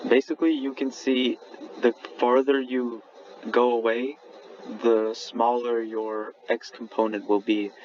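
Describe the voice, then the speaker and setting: A man's voice: medium pitch, a little mellow. A young man, a student, walks through his lab report in a recorded slide presentation, often restarting words and correcting himself. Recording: dull lo-fi audio with faint background noise.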